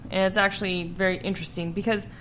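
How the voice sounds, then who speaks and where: A woman's voice: medium pitch, little pitch movement, quick pace, fairly bright tone, slight background noise. A woman hosting a podcast in casual chat, laughing often and swearing freely. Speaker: podcast host.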